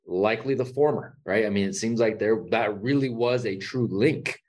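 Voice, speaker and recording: A man's voice: fairly low pitch, normal speed, darkish tone. A man hosting a podcast interview, reflective and searching for words as he asks questions. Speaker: podcast host. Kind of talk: interview conversation.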